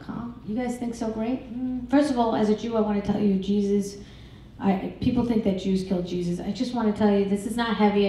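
A middle-aged woman performing a stand-up comedy set, crude and brash with a deadpan, self-mocking delivery. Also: mid-range voice, a little hiss or hum. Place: comedy club stage. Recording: echoey club recorded from far off.

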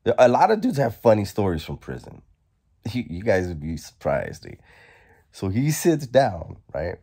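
A man vlogging, telling a story casually in a profane, slangy, animated way. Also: lowish voice, moderate pace, breathy edge.

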